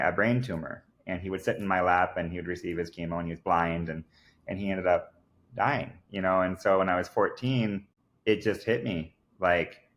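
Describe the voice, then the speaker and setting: A man's voice: deep voice, a bit bright. A man, a podcast guest, telling a personal story in an earnest, emphatic way, full of fillers like "like". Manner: earnest and emphatic, many fillers like "like" and "I kid you not".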